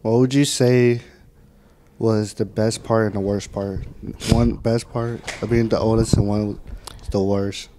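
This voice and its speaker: A young man hosting a casual chat with his older sister, relaxed and easygoing, asking short questions. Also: fairly low pitch, unhurried, a little hiss or hum. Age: young adult. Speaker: host, younger brother.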